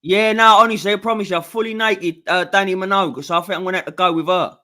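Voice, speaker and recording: Male co-host, high bright voice, rambling chatter. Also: fairly even intonation, fast. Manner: chatty, rambling, laughs a lot. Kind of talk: casual football chat.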